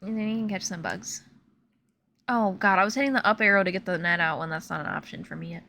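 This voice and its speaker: A young woman from Illinois, a streamer telling stories in casual, animated chat full of fillers while she plays a game. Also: on the low side, quick pace, creaky, a little hiss or hum. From Illinois, USA. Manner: animated, chatty, filler-heavy, laughs often. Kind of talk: casual storytelling while gaming.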